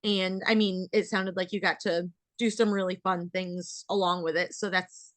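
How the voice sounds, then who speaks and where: A woman's voice: lowish voice, flat delivery, normal speed, no room sound. Chatty American woman hosting a podcast. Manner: chatty, rambling with fillers. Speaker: podcast host, dairy farmer. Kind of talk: casual interview chat.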